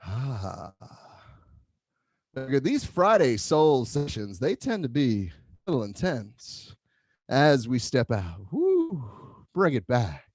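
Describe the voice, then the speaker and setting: Male tai chi instructor, unhurried cues with an animated lilt, dry room sound. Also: mid-range voice, no room sound. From Philadelphia area. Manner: calm cueing with playful whoops. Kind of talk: guided online movement class.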